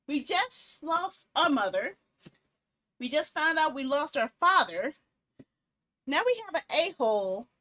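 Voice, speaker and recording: A young woman streaming a horror game, commenting casually and reading story text aloud with animated, jokey delivery. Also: high voice.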